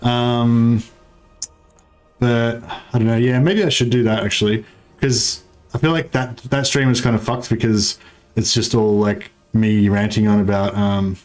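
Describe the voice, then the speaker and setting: A man's voice: mid-range voice, a little mellow. A man streaming a game live, chatting casually and rambling, with many fillers as he reads his chat aloud.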